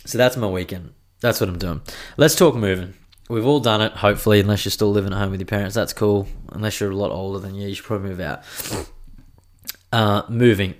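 A man's voice: lowish voice, fast talker. A young man hosting a podcast, telling stories in a rambling, casual monologue full of swearing. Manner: rambling, profane storytelling. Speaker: podcast host.

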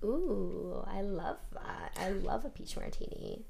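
A woman from the United States, talking as a podcast guest. Her voice is gravelly and her pitch sits in the middle. She talks in an animated, loose way, with plenty of fillers and swearing. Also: takes it slowly, a crowd in the background. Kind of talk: casual chat.

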